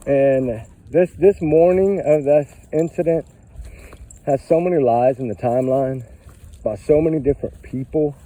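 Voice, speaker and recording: A man rambles through a casual commentary vlog with an impassioned edge, piling one question on top of another. His voice is deep and very mellow, yet his pitch rises and falls in a lively way. He sounds set back from the microphone. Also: distant mic, low-quality recording. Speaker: vlogger.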